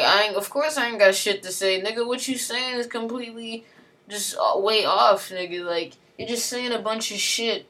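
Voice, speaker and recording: A woman's voice: medium pitch, a bit bright. A woman in an angry, heavily profane rant, talking with slang and repeating herself as she vents. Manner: heated, profane, slangy, repetitive. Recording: voice from a distance.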